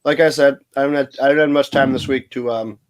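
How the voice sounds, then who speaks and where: A man chatting casually on a video call as co-host, rambling and trailing off as he goes. His voice sits at a middling pitch, and it sounds dry and close, with no room around it. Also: steady tone, fast talker, no echo. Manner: rambling, trails off, eats while talking. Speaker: podcast co-host. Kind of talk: casual chat about local politics.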